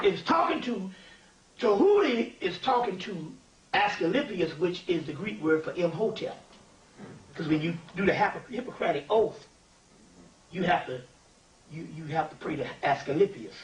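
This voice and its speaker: A man giving an informal spiritual lecture, animated and digressive, often checking that listeners follow. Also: high-pitched. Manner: animated, digressive, keeps asking "you see what I'm saying". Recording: echoey room, distant mic, faint ambient noise.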